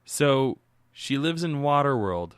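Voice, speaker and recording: Male podcast co-host, mid-pitched, loose rambling riffs on a bad movie. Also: big pitch swings, takes it slowly, clear, resonant tone, no room sound. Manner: joking, rambling, laughs often. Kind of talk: casual movie commentary.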